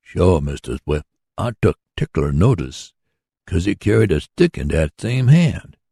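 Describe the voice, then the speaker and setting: A folksy, rambling older workman speaks in a deep, gravelly voice, as a man reads him aloud. He sounds earnest and plain-spoken, with a husky edge. It is a storybook reading in a dry, close recording. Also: very animated, normal speed, mellow, no echo, full character voice. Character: hard-working older man running a mule sawmill.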